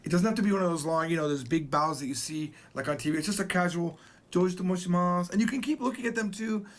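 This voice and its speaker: Casual male Japanese teacher, slightly high voice. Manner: explains slowly, repeats phrases, casual asides. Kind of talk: recorded video language lesson.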